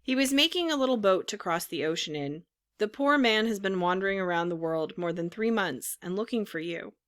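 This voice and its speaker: A woman voicing a large, calm, helpful male pigeon who talks in a matter-of-fact way. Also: medium pitch, a little fast, natural voice.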